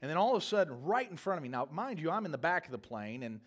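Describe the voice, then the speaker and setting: A man's voice: a little high, big pitch swings, quick pace. A man preaching a sermon as a pastor, telling a long, humorous travel story in a rambling, self-correcting way.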